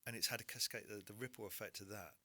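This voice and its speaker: A man's voice: fairly low pitch, bright, forceful tone. A man in his forties, a podcast guest telling a personal story candidly, stammering and restarting as he goes. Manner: honest, halting, frequent stammered restarts.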